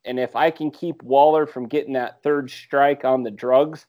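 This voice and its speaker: Dude cohosting a podcast, rambly, lots of uh, normal pitch. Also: male voice, steady tone, normal speed, a little mellow. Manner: rambling, hesitant with frequent "uh". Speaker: podcast co-host. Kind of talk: casual chat.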